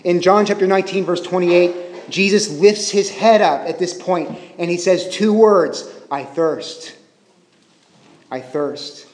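A man's voice: high-pitched, fairly even intonation, moderate pace, few pauses, darkish tone. A man preaching a Bible sermon in a conversational way, often asking the listeners questions. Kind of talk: expository sermon. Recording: reverberant hall.

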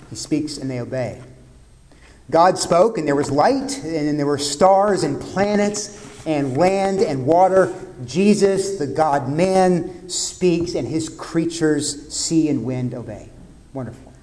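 A man's voice: a little high, animated, slow pace. Reverberant preacher man, conversational. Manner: conversational preaching with vivid retelling and sudden soft drops. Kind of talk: sermon. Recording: long hall reverb.

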